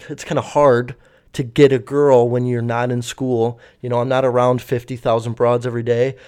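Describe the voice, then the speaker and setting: A man's voice: a little high, a little mellow. A young man telling a story casually, rambling and swearing with lots of fillers. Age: young adult. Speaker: vlogger.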